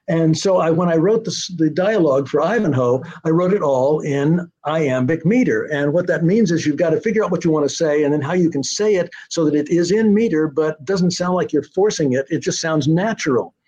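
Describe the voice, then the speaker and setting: An older man tells long, winding stories with frequent hesitations. His voice sits somewhat high for a man. The recording sounds muffled and lo-fi. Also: moderate pace, darkish tone, breathy edge. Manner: rambling storyteller, many hesitations. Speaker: guest, TV writer-director. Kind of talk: casual interview chat. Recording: dull lo-fi sound.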